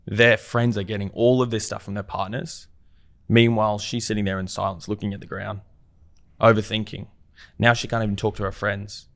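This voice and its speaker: A man with a low voice talks as a guest in a casual podcast chat. His sound is dry and close, with no room around it. He speaks reflectively and keeps posing rhetorical questions. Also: little pitch movement, a little fast, vocal fry, a bit bright, no echo. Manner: reflective and conversational, often asks rhetorical questions.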